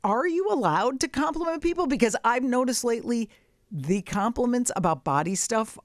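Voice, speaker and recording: A woman's voice: on the high side, animated, moderate pace, no echo, clean studio sound. A woman in her sixties hosting a casual chat, blunt and brash, with profane jokes. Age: 60s. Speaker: podcast host.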